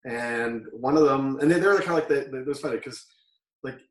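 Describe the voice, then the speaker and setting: A man's voice: medium pitch, a little fast, recorded from a distance. Man from Canada, forties, interview guest, rambling storyteller, self-correcting, echoey room, sits away from the mic. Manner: rambling, self-correcting, laughs while telling stories. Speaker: guest, former wrestler. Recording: roomy, off-mic sound.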